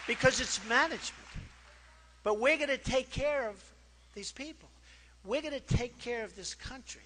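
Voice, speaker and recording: A man giving a campaign rally speech as a political candidate. He is boastful and rambling, repeats himself, and swings between loud declarations and quiet asides. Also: extremely high pitch, brisk, a little hiss or hum. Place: rally crowd.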